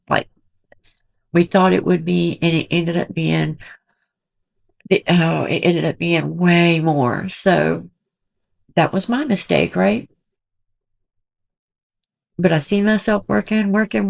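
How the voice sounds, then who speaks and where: Slow, gravelly-voiced woman vlogging indignantly. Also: mid-range voice. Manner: indignant, emotional, rambling. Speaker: commentary channel host. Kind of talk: emotional vlog commentary. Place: small cramped room at home.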